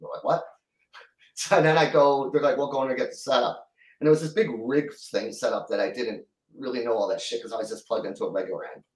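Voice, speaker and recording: A middle-aged man telling a long story as a guest in an interview, rambling and halting, with many restarts. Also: medium pitch, a little mellow, reverberant, recorded from a distance, poor audio. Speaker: guest musician.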